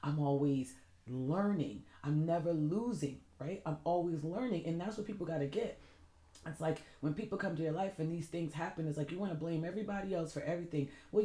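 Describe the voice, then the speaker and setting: A woman talks straight to the camera in an earnest motivational self-help talk, her voice mellow and warm. She keeps checking in with a quick "right?" between points. The sound bounces around an echoey room. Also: low-pitched. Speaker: self-love and fitness coach.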